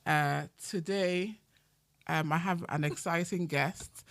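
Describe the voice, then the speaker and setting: A woman's voice: fairly low pitch, slow pace, dry recording. A woman from Nigeria hosting a casual podcast chat, laughing often. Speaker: podcast host. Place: home in the UK.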